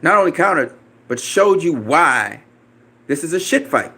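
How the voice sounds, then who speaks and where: A man's voice: fairly high pitch, sing-song, unhurried, sharp tone, breathy edge. A man ranting about boxing in a reaction video, profane, combative and dismissive, repeating himself and laughing mockingly. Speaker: boxing commentator.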